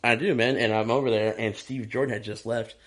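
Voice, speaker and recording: A man's voice: mid-range voice, a little fast. A man, a touring drummer, telling stories in a casual interview, swearing freely and acting out what people said to him. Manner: animated, profane, acts out quoted dialogue. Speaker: touring and session drummer, guest.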